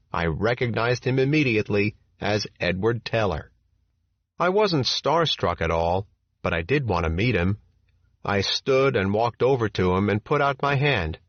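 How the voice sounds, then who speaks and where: Low-voiced male audiobook narrator. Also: no echo. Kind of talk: scripted first-person narration. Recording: dull, dry audiobook recording.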